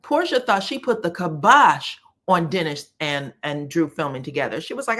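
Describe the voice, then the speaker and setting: A woman giving a casual, sassy recap of a reality show, animated, and slipping into the voices of the people she quotes. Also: on the low side, unhurried, hardly any pauses. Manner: animated, sassy, slips into voices of the cast when quoting.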